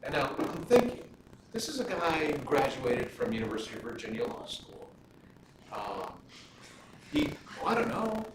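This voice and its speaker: A man's voice: medium pitch, very animated, moderate pace. Middle-aged guy, judge answering student questions, easygoing chatty delivery, mic kinda far, echoey room with background noise. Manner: conversational, frequent "you know" fillers, anecdotal. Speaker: judge speaking to law students. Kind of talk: casual Q&A talk.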